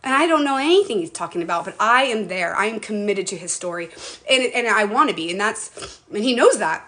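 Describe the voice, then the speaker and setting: A woman's voice: medium pitch, animated, a little fast, bright, forceful tone. A middle-aged woman chatting casually on a home live stream, bubbly and talkative, greeting viewers by name.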